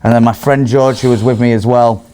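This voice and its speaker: Animated young man. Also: medium pitch, fairly quick, smooth. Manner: animated, swearing, laughs often while telling stories. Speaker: guest. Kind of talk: casual storytelling on a podcast.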